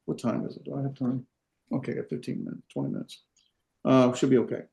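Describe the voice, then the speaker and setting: A man teaching a classroom lesson, halting with fillers and restarts, with dry asides. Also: medium pitch, fairly even intonation, gravelly, mellow. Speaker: Hebrew teacher. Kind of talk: classroom lecture. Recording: echoey classroom.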